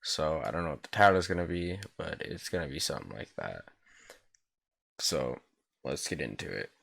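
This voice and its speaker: A teenage boy tells a story straight to camera in a low, deep voice with a bright, forceful edge. He rambles, swears freely and leans on "like" constantly. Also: sing-song, normal speed, creaky. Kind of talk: casual storytime vlog.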